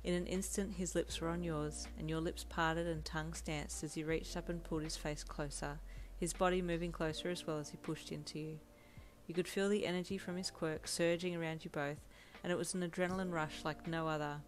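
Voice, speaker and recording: A woman narrating a second-person fan audio story in a steady, intimate reading style. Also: low-pitched, brisk. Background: soft lo-fi piano backing music.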